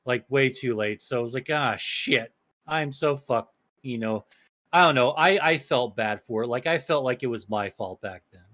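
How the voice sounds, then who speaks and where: A man's voice: mid-range voice, lively intonation, brisk, a bit bright. A young man co-hosting a casual podcast, telling stories in a rambling, profane way, full of restarts and fillers. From small town. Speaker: podcast co-host.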